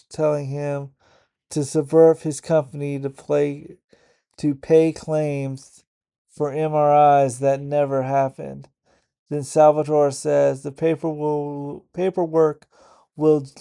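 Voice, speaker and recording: A man walks through the plot of a TV episode in a slow, unhurried way, often stopping and restarting his sentences. His voice has a gravelly fry to it. The tone is dark and mellow, sitting a bit high for a man. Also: level tone. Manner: halting, stop-start retelling. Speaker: YouTube reviewer. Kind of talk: casual episode recap.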